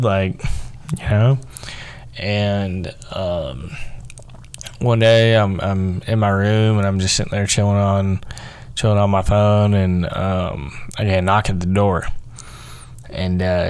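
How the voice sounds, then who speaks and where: Rambling young man, lowish voice. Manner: rambling, heavy on fillers like "like" and "you know". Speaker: podcast host. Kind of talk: casual storytelling.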